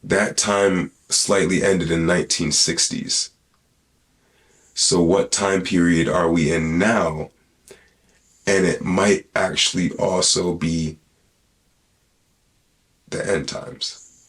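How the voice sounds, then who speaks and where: A man's voice: sits low, fairly even intonation, slow, long pauses, fairly bright tone. A man hosting a podcast in casual, rambling talk, full of slang and swearing. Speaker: podcast host.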